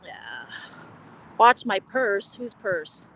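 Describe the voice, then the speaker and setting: Lao-born woman, native Lao speaker, chatty live-stream vlogger outdoors, slightly high pitch. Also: normal speed, fairly bright tone, a little hiss or hum. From Laos. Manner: chatty, reads and answers viewer comments. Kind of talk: casual chat while live streaming. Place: outdoors on city streets.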